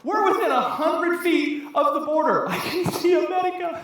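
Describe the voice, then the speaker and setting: High-voiced woman telling a laughing comic story. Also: moderate pace, a little hiss or hum. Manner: animated, laughing often while telling. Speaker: storytelling contestant. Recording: echoey hall from a distance.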